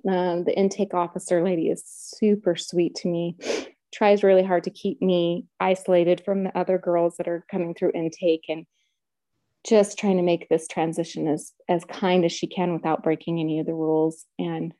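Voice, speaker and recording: Middle-aged woman, interview guest, earnest and emotional, mellow low voice, dry close sound. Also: little pitch movement, moderate pace, no echo. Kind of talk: personal testimony in a podcast interview.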